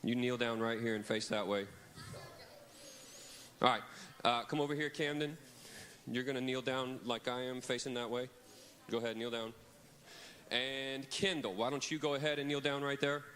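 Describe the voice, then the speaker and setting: A man in his forties speaking at a kids camp in a church, joking and teasing with the children. His voice is middle-pitched and chatty, warm and easygoing as he calls up volunteers. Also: steady tone, moderate pace, long pauses. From Louisiana. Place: church auditorium stage.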